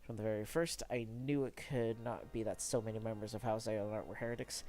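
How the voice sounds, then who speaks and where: A man's voice: lowish voice, fairly even intonation, a little mellow, faint music behind, close to an everyday voice. A man reading as a grave noble knight. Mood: earnest. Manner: formal, measured reading. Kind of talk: reading game dialogue aloud.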